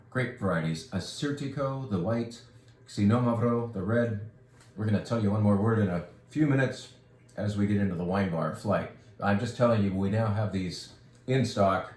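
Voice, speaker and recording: Man, low voice, wine shop host, enthusiastic rambling chat. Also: a little mellow, echoey room. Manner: enthusiastic, rambling, jokey asides. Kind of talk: casual product talk and wine tutorial.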